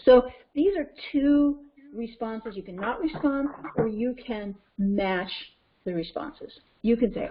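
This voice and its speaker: A woman's voice: on the high side, a little slow. Chatty woman coaching parents on a muffled call. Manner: conversational, checks in with "okay?" and "right?". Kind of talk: webinar teaching. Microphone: conference call line. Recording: muffled web call audio.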